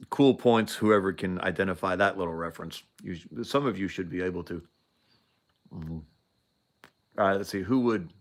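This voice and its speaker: A man's voice: deep voice, fairly bright tone. A man hosting a show, telling a story casually, rambling with frequent laughs and restarts. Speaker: show host.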